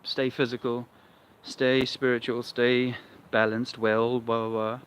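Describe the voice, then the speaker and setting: A man's voice: medium pitch, little pitch movement, slow, fairly bright tone, clean tone. A man chatting wryly and rambling as he livestreams on a walk outdoors. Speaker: livestream vlogger. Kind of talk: casual livestream chat while walking outdoors. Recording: dull lo-fi outdoor sound with faint noise.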